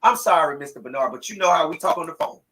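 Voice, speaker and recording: A woman hosting a live talk show, speaking with fiery anger and preaching hard at the people she blames, often rising to a shout. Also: deep voice, expressive, fast talker, breathy edge, rough recording. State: angry. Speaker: host.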